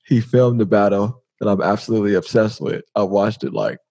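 A man hosting a podcast interview in a casual, relaxed way, with halting phrasing, fillers and slang. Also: on the low side, no echo, lo-fi sound. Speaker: podcast host.

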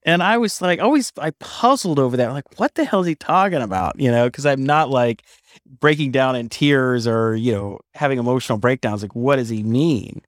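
A man's voice: mid-range voice, moderate pace, no echo, clean studio sound. A man co-hosting a podcast, telling stories in casual chat with emphatic bursts and frequent restarts. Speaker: podcast co-host.

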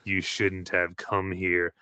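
A man voicing a cold, menacing young male pirate ghost, speaking slowly and low. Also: monotone, sharp tone, clean tone, dry recording, heavily acted. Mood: cold menace. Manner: slow, low, sinister.

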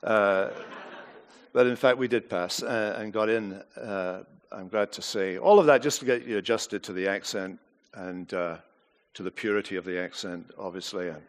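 A man's voice: on the low side, moderate pace. A man with a Scottish accent giving a sermon, joking drily and then reading scripture aloud. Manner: joking, dry humor before reading. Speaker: preacher. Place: university hall.

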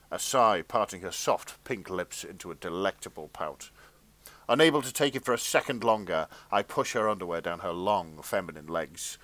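A man narrating a comic fanfic reading in a deadpan, dry way. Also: deep voice.

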